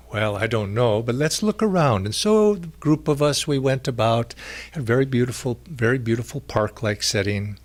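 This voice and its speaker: A gentle, mild-mannered man recalls a story from his youth for a retreat audience. He talks at an everyday middle pitch, pausing and restarting as he gathers his thoughts. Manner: halting, with frequent restarts and fillers. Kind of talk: reflective storytelling talk.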